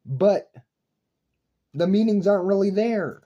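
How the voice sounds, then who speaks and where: A young man delivers an intense philosophical rant straight to his audience, swearing and circling back over the same points. His voice is very dark and husky, and he talks slowly. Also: sits high, animated, lo-fi sound. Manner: intense, profane, repetitive, lecturing. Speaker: online video creator. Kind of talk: rambling philosophical rant to camera.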